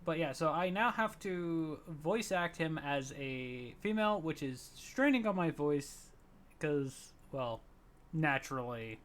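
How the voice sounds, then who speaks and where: A man playing in a tabletop game, explaining his character hesitantly with many pauses. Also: fairly high pitch, a bit bright, a little hiss or hum. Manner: hesitant, full of ums. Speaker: player. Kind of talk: tabletop role-play chat.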